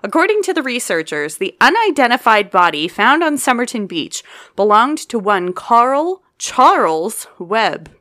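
A woman's voice: fairly high pitch, very animated, unhurried, sharp tone. A woman co-hosting a podcast in casual chat, playful and laughing often as she quizzes her partner and reads from her notes.

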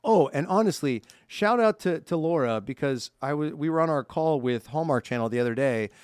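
A man's voice: fairly high pitch, lively intonation, fairly quick, darkish tone, smooth, no echo. A young man co-hosting a podcast in a studio, chatting casually and upbeat as he reads fan mail aloud. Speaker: podcast co-host.

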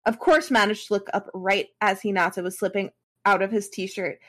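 A woman's voice: mid-range voice, steady tone, normal speed, a bit bright. A woman reading a fan story aloud as a podcast co-host, stopping now and then for casual asides.

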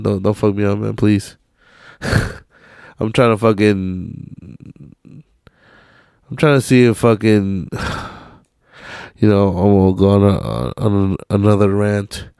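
A man's voice: fairly low pitch, gravelly, darkish tone, smooth, no room sound, clean studio sound. Profane young man ranting on his podcast. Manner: profane, rambling, slangy. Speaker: podcast host. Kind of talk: casual solo podcast rant.

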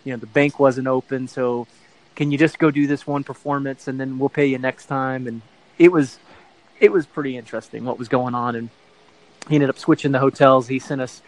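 A middle-aged man spins a casual story as an interview guest, meandering and backtracking to fix details. His voice sits at an ordinary middle pitch, easygoing and conversational. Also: fairly even intonation, brisk, low-quality recording. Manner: rambling, self-correcting storyteller who acts out quoted voices. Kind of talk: casual anecdote telling.

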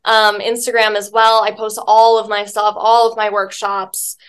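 A woman's voice: mid-range voice, level tone, moderate pace, clear, resonant tone. A woman guest, a spiritual life coach, chatting casually in an interview, telling stories with lots of filler words and the odd swear.

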